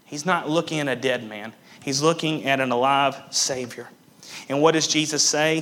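A man preaching a sermon, swinging between loud emphatic bursts and hushed, quiet passages, repeating key phrases for emphasis. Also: medium pitch, normal speed. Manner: emphatic repetition. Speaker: pastor.

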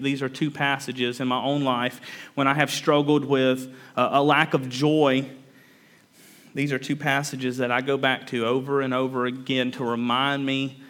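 A man's voice: mid-range voice, a bit bright. A man preaching a sermon in an earnest way, often repeating words and building to emphatic peaks. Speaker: pastor.

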